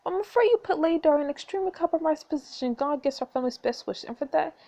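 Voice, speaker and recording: A woman's voice: high voice, animated, racing, mellow, pitched above the performer's own voice. A woman voicing a stern, formal elderly countess who is the heroine's grandmother in a story game.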